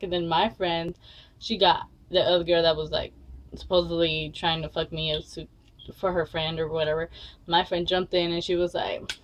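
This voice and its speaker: A woman's voice: fairly low pitch, lo-fi sound. Blunt, swearing young woman vlogger. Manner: blunt, swears often, lots of fillers. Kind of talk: casual storytime vlog.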